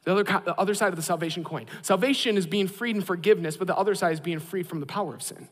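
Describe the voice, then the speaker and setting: A man in his thirties preaching a sermon, an animated and self-deprecating storyteller. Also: high-pitched, very fast, in a large hall. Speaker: pastor.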